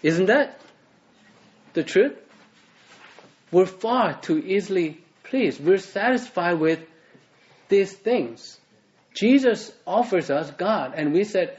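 A man's voice: high-pitched, animated, slow pace, long pauses, darkish tone. A man preaching a sermon in a conversational way, full of fillers and restarts. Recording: muffled lo-fi recording.

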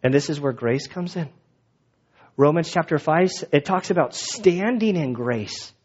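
Pastor preaching with animated voice acting. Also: male voice, a little high, unhurried, slightly rough. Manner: animated, acts out quoted voices. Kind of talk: sermon. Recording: dull lo-fi recording.

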